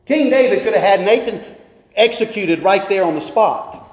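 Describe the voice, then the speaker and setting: A man's voice: high voice, lively intonation, normal speed. A man preaching as pastor, reading scripture and pressing his listeners with earnest rhetorical questions. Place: church sanctuary. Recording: long reverb of a church hall.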